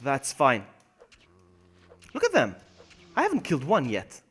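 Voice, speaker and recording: A man's voice: unhurried, husky. A man streaming a game live, greeting viewers by name, yelping when things go wrong and mocking himself. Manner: excitable, jumps to high yelps when in danger, then mutters low. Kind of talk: live gameplay commentary.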